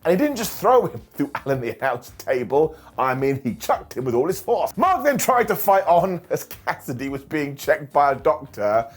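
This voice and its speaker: Husky, animated man giving a jokey recap. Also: fairly high pitch, moderate pace, hardly any pauses. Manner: jokey, paraphrases wrestlers in silly voices, laughs often. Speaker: wrestling show reviewer. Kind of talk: comedic recap.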